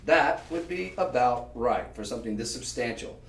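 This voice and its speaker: A man hosting a live shopping show, chatting on and piling up descriptive words as he pitches. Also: expressive, normal speed, distant mic, a little hiss or hum. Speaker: shopping channel host. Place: shopping channel studio. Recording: roomy sound, voice off-mic.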